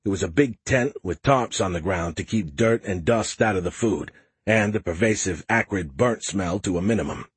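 Man, audiobook narration, first person, matter-of-fact, husky, low-pitched. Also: expressive, moderate pace, no echo.

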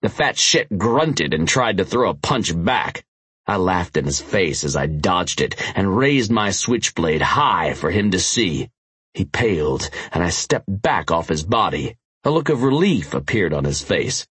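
Deep, husky male narrator, gritty. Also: sing-song, measured pace, a bit bright, no room sound. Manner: gritty, profane, intense. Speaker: audiobook narrator. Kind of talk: first-person audiobook narration.

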